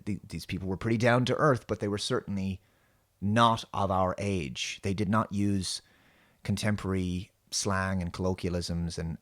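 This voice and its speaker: A man with a fairly low voice hosts a solo review show. He rambles critically through a television episode, restarting sentences and filling pauses with "uh" and "you know.". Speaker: show host.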